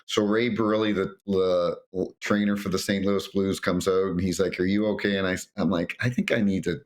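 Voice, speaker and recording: A middle-aged man, a former referee, telling lively anecdotes in an interview and acting out what others said. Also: low voice, normal speed. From North America. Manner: animated anecdotes, acts out quotes. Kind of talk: storytelling interview.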